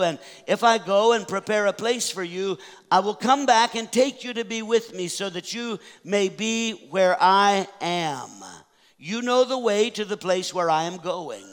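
A male pastor with a fairly high voice delivers a Sunday sermon in a church sanctuary. He reads scripture aloud and slows right down to stress the key declarations. A long reverb trails after his words. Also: fairly bright tone.

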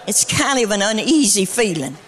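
A middle-aged woman preacher delivering a sermon in a rhythmic cadence that builds to shouts, then shifts into storytelling. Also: mid-range voice, big pitch swings, normal speed.

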